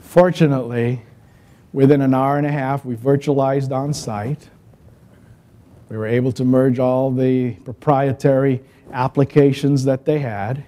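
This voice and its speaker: Mellow-voiced man giving a lively business talk. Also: medium pitch, measured pace. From United States. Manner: energetic, storytelling, conversational with audience asides. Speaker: conference speaker. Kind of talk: business presentation.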